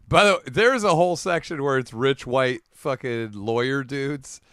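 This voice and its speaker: A man's voice: mid-range voice, normal speed, fairly bright tone, clear, resonant tone, dry recording, clean studio sound. A man co-hosting a comedy podcast, riffing with profanity and laughing often. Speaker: podcast co-host. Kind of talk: casual chat.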